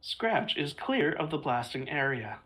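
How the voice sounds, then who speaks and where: Low, lively woman joking around. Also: measured pace, slightly rough. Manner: playful, joking, laughing. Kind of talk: casual chat.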